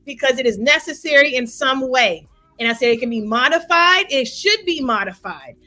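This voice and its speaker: A woman's voice: fairly high pitch, animated, brisk, pushed and bright. A woman on a podcast panel, arguing her point insistently and talking over others. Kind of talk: heated debate.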